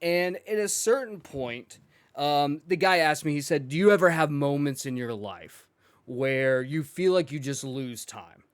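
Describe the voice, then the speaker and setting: A man's voice: a little high, measured pace, dry recording. A male podcast host telling a comic story, acting out the quoted dialogue. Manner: animated, acts out quoted dialogue. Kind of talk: comedic storytelling.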